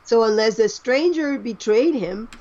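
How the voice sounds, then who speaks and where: A woman co-hosting a casual fan podcast, animated and explaining at length. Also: on the high side, a little slow, dull audio. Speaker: podcast co-host.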